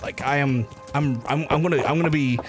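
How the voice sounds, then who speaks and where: A young man streaming a game, chatting excitably with viewers and leaping up in pitch when he gets worked up. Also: fairly quick, music in the background. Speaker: gaming streamer. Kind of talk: casual livestream chat while playing.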